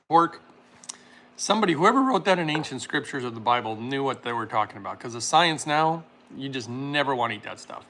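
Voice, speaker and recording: A man hosting a casual livestream, reading chat comments aloud and laughing often while making a smoothie. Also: mid-range voice, bright, forceful tone, a little hiss or hum.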